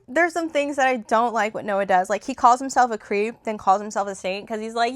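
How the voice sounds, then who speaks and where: A woman's voice: fairly high pitch, a little slow. A young woman in casual, rambling chat, retelling a novel's plot with lots of fillers and restarts, recorded on a phone. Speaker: book reviewer. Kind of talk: casual book review chat.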